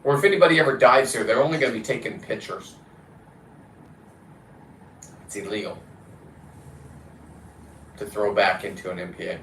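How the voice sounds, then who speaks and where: A man's voice: fairly low pitch, fairly even intonation, moderate pace, pauses often, a bit bright. A man chatting casually to camera about diving, rambling and blunt, with the odd swear word. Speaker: free diver and vlogger. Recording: roomy echo with faint background noise.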